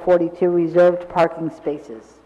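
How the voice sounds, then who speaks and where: A man, the village clerk, reading ordinance titles and calling the roll at a council meeting in a brisk, formal way. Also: on the high side, flat delivery. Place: council chamber. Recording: dull recording in a large reverberant council chamber.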